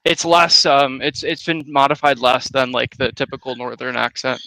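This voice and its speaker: A man's voice: mid-range voice, moderate pace, sharp tone, low-quality recording. An easygoing man in casual group chat who laughs often and admits when he is unsure.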